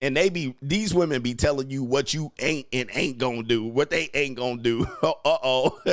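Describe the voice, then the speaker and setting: A podcast host and dating coach delivers a crude comedic rant, mocking his listeners and bursting into laughter as he imitates their voices. He speaks at a medium pitch and moderate pace, recorded in clean studio quality without echo.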